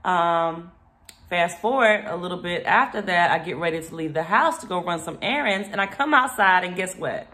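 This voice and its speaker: A woman casually telling a rambling story about her yard, acting out what people said. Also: moderate pace. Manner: animated, rambling, acts out quotes with raised pitch.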